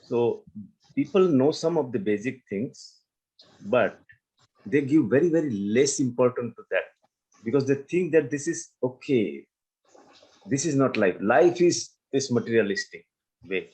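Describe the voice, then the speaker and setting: Male call participant, husky, halting and plain-spoken. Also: medium pitch, expressive, a little mellow, rough recording. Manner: halting, restarts sentences, plain wording. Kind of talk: casual discussion on a video call. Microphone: video call.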